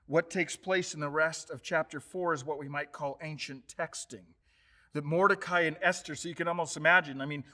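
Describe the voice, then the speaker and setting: High-voiced, bright, animated male pastor. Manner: animated storytelling, paraphrases scripture in modern speech; swings from loud emphasis to low quiet tones. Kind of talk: sermon.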